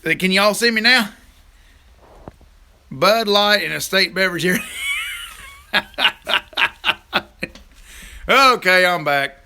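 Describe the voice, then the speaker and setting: A man's voice: sits high, slow, pauses often, bright, forceful tone, slight background noise. A middle-aged man hosts a casual live stream, chatting folksily with viewers and laughing easily.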